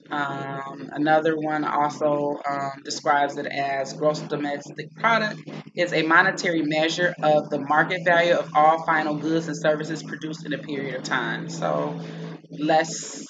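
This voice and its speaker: Lady host reading out numbers step by step on a stream, low deep voice, kinda muffled sound. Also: noisy background. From United States. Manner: methodical, reads figures aloud with frequent "um" and "okay?". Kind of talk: live-stream explainer.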